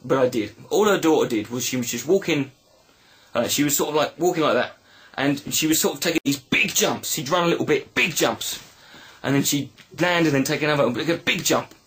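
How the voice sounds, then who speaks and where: A man telling a personal story in a reflective video monologue, halting and earnest with many restarts. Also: on the high side, a bit bright, husky. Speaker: video blogger.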